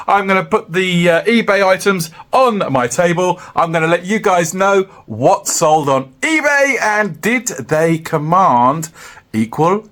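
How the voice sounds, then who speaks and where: A man casually chatting to camera about his resales, jokey and upbeat, addressing viewers as guys. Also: unhurried. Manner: chirpy, jokey, keeps saying "guys", swings high when excited. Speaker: reseller vlogger.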